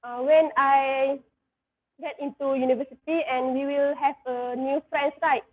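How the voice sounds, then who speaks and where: A woman's voice: high voice, steady tone, measured pace. A woman in her twenties with a Malaysian accent from Kedah, giving a talk over her phone from a store, hesitant with many fillers and restarts. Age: 20s. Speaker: guest speaker. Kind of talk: online talk presentation. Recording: tinny phone-like line.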